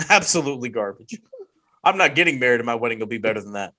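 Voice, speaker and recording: A man's voice: mid-range voice, animated, quick pace, pauses often, pushed and bright. A man co-hosting a wrestling podcast, talking casually and teasing the others with mock outrage. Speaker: podcast co-host.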